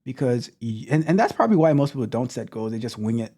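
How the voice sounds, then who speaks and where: Tech coach guy, blunt and repetitive, dark mellow voice, stumbles over restarts. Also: mid-range voice, very animated, fast, slightly rough. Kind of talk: motivational talk to stream viewers.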